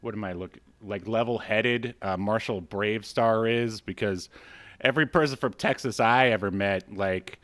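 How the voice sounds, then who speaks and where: A man's voice: lowish voice, normal speed, fairly bright tone. A man hosting a casual podcast, rambling with many fillers and laughing often as he reads credits aloud. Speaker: podcast host.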